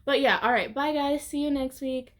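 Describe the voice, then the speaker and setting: A woman YouTuber chatting casually to camera in a vlog, rambling from thought to thought with a steady stream of "like" fillers. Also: high voice, moderate pace. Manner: rambling, heavy use of "like" fillers.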